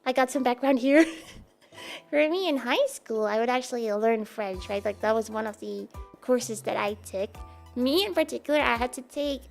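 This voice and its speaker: A woman's voice: fairly high pitch, moderate pace, gravelly, faint music behind. A young Dutch woman with a Dutch accent, a native Dutch speaker, chatting playfully with her live stream viewers and giggling often. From Netherlands. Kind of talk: casual chat with live viewers.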